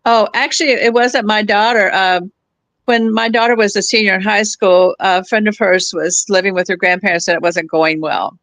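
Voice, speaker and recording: A woman's voice: medium pitch, steady tone, moderate pace, no room sound. A woman in her seventies, a guest chatting casually, telling personal stories with easy laughter and frequent restarts. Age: 70s. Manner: warm storyteller, laughs easily, restarts phrases. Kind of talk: casual chat.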